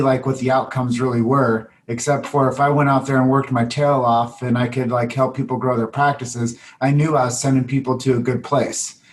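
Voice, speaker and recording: A man's voice: mid-range voice, recorded from a distance. Casual, emphatic podcast host, a man. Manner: casual and emphatic, with frequent "like" and "you know". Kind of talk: casual conversational chat.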